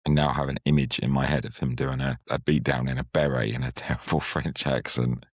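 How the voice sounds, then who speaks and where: Very deep, husky-voiced male host. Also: flat delivery, brisk, dry recording. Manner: teasing, chummy banter. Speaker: podcast host. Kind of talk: casual chat. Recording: slightly muffled, dry sound.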